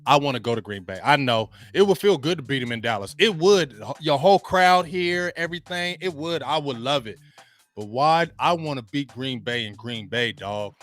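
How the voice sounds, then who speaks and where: A man on a sports talk show, riled up and ranting in a tense, bright voice. He speaks somewhat high, loops his phrases and leans on slang. Faint music plays behind him. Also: lively intonation, moderate pace. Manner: hyped, repetitive, slangy, chant-like calls. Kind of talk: excitable sports talk rant.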